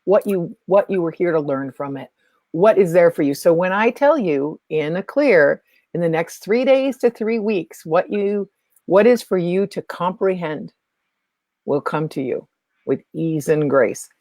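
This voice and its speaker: A woman's voice: fairly low pitch, animated, measured pace, a little mellow, no room sound. A woman guest teaching about spiritual energy, talking emphatically and repeating key phrases. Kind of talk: teaching talk.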